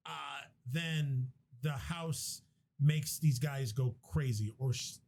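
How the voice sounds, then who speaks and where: A mellow, mid-range male voice moves slowly through a casual movie recap as a podcast host. The retelling is rambling and profane, with several restarts.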